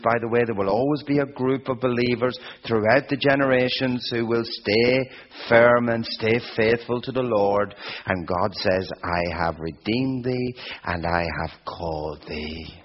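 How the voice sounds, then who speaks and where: A man preaching a sermon, slow and emphatic, building repeated phrases to a peak. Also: mid-range voice. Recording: dull lo-fi sound.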